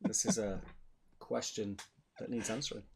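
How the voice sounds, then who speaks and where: A man's voice: on the low side, flat delivery, moderate pace, vocal fry, breathy edge. A man, hosting a hobby livestream and reading out chat messages while joking with his co-host. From England. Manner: banter, reads out chat messages. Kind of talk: casual chat.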